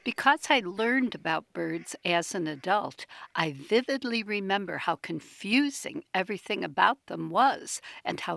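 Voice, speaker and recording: Older woman in her sixties, gravelly and lower-pitched, reads her essay with a chatty, wry delivery. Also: no room sound. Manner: chatty and wry, with lively asides. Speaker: bird writer. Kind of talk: reading a personal essay.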